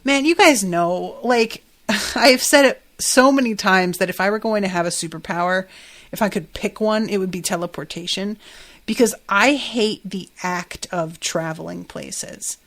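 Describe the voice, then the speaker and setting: A woman's voice: mid-range voice, unhurried, a bit bright. Chatty, swearing woman podcast host. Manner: chatty, profane, laughs often. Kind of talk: casual TV episode recap.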